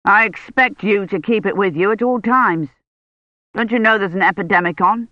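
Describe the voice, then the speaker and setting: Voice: medium pitch, moderate pace, no room sound, close to an everyday voice. A narrator doing a curt, stubborn older male academic. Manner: curt, insistent. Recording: slightly muffled dry studio read.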